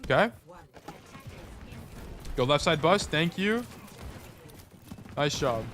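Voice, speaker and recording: A man's voice: fairly high pitch, animated, takes it slowly, a bit bright. A man coaching a player through gameplay footage in a casual, blunt way, often repeating short commands. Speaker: game coach.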